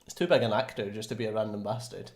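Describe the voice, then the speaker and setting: A man's voice: lowish voice, quick pace. A young man co-hosting a reaction video, laid-back, joking and analysing the plot. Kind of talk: casual reaction chat.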